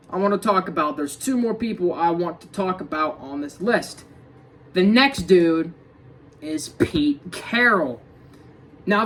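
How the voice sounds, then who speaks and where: A man's voice: sits high, a bit bright. A young man talking casually about football, rambling with many restarts and fillers like dude and bro, sounding tired. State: tired, yawning. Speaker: sports fan vlogger. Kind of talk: casual sports talk.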